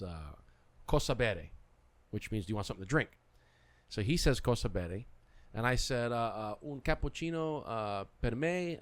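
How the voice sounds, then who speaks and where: Middle-aged guy on a podcast, loose chatty storytelling, does little voices for people. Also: lowish voice. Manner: animated storyteller who acts out quotes. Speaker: podcast host. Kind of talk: casual chat.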